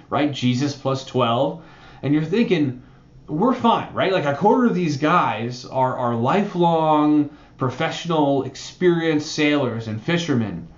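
A pastor with a slightly high voice preaches a sermon in a roomy space, and the recording sounds muffled. He explains a Bible passage in a conversational, animated way, often tossing in "right?" as an aside.

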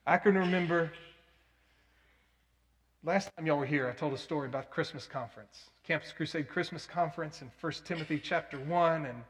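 Male pastor, high voice, earnest storyteller with loud emphatic bursts, echoing church hall. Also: fairly quick. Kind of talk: sermon. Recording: long hall reverb.

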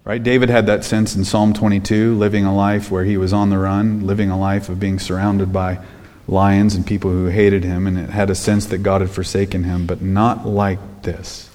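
A man preaching a sermon, emphatic, dropping to hushed low phrases and then rising to loud ones. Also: level tone, a little fast. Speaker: pastor. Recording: long hall reverb.

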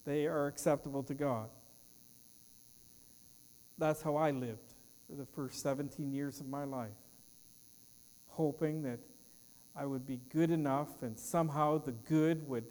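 A man's voice: on the high side, darkish tone, big-room sound. A man preaching a sermon as pastor, with an emphatic cadence that trails off at the ends of phrases. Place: church.

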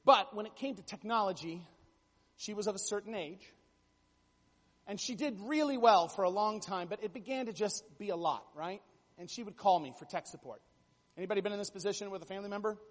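High-voiced man preaching in a reverberant hall. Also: fairly quick. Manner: storytelling, jokey asides, rising to emphatic bursts. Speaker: pastor. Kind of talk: sermon.

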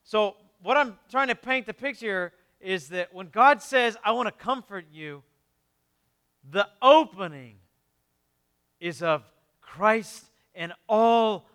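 A pastor delivers a sermon in a conversational style, tossing in quick asides and shifting between hushed, low stretches and forceful ones. His voice has a clean tone.

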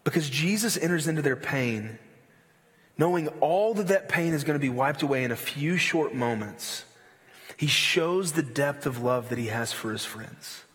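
A man preaching a sermon in a loose, animated way with slangy asides. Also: mid-range voice, long reverb tail. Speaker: pastor.

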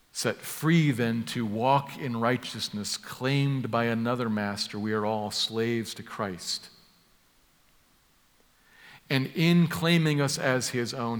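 A man delivers an expository sermon at a medium pitch, stressing his points and repeating words for emphasis. His voice carries a long reverb from a large hall. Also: a bit bright. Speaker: preacher.

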